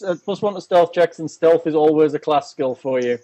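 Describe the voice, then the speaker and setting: A man runs a tabletop game over a video call and reads rules aloud at a steady pace. His voice sits a little high, and he teases his players dryly. A faint hiss is under the line. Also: a little fast. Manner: dry, teasing, reads rules methodically. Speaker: game master. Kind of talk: casual chat, reading rules aloud.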